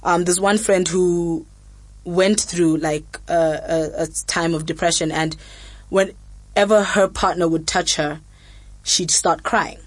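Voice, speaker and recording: A woman's voice: lowish voice, slow, no echo. Chatty woman, dry close mic. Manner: frank, chatty, many fillers, animated quotes. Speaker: podcast host. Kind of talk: candid casual chat.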